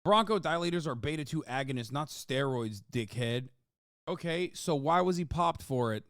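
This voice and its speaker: A man streaming a video reaction, joking loudly with profanity as he talks to his chat. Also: a little high, animated, moderate pace, dry recording, clean studio sound. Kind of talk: casual livestream reaction talk.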